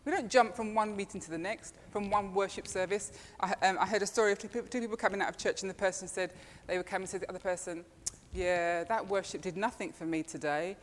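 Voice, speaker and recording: A woman's voice: medium pitch, fairly even intonation, fast, few pauses, in a large hall. A woman preaching a sermon, telling chatty personal stories and laughing often. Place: church.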